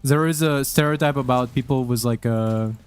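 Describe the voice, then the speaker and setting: A man's voice: medium pitch, normal speed, clear, resonant tone. A young man talking casually while he plays a game, rambling with lots of swearing, fillers and restarts. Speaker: gamer commenting while playing. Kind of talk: casual gaming commentary. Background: faint game music.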